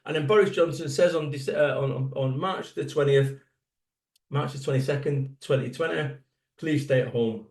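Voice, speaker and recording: A man's voice: mid-range voice, normal speed, darkish tone. Blunt man giving a fired-up keynote. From Salford, England. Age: 50s. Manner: blunt, swearing, punchy rhetorical questions. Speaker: motivational speaker. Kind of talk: motivational keynote speech. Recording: echoey hall, voice from a distance.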